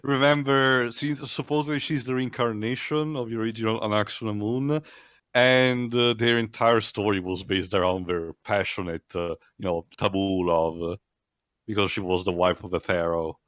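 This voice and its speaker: Male co-host, lowish voice, halting and hesitant delivery, dry close sound. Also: steady tone, a bit bright, dry recording. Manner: halting, many fillers and restarts. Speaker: podcast co-host. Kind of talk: casual movie commentary.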